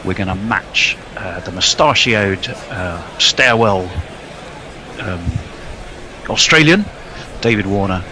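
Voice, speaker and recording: Male podcast host, bright tone with lively pitch, jokey introductions, faint hiss behind. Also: takes it slowly, long pauses. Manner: jokey, introduces guests with playful billings. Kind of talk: casual podcast chat.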